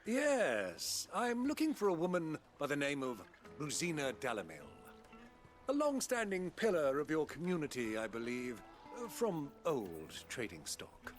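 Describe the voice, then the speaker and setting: A man's voice: fairly high pitch, huge pitch swings, a little slow, soft background music. A man voicing the polite young male hero of a video game, speaking formally. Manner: courteous, formal.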